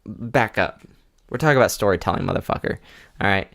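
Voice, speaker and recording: A man's voice: lowish voice, a little fast, vocal fry, a bit bright. A young man co-hosting a casual podcast, teasing his friend, laughing and swearing a lot. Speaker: podcast co-host.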